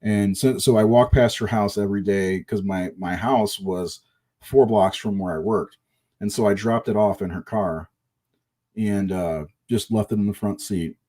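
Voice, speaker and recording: A man's voice: fairly low pitch, a little slow, mellow. A middle-aged man casually telling a long personal story, rambling and swearing, with restarts.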